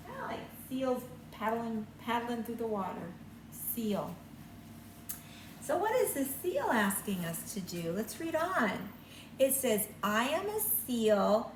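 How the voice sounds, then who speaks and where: An older woman teacher reading a picture book aloud to young children and showing the signs, in a slow, sing-song storytime voice. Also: a little high, noisy background. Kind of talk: read-aloud lesson with sign language for children. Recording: echoey room, mic at a distance, faint ambience.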